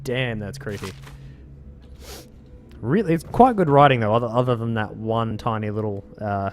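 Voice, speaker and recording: A man's voice: lowish voice, expressive, normal speed, a little hiss or hum. A man hosting a game video, making casual, self-mocking asides between lore readings. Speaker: gaming video host. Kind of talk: casual gameplay commentary.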